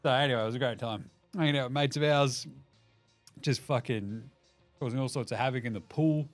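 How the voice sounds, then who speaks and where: A man in his thirties with an Australian accent hosts a casual sports podcast, rambling and swearing as he jokes and does silly voices for quotes. His mid-range voice moves a little fast, with soft music in the background.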